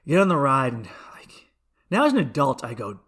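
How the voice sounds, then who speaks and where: Brief: male comedian host, casual rambling monologue, sharp bright tone, medium pitch. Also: wildly swooping pitch, normal speed, husky. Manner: rambling storytelling, self-interrupting with restarts and asides.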